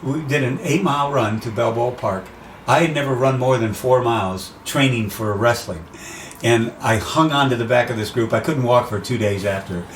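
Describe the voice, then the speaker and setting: An older American man, a race announcer, telling animated stories in a casual interview. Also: mid-range voice, moderate pace, far from the mic. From USA. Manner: animated anecdotes, acts out quoted voices. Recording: roomy, off-mic, faint background noise.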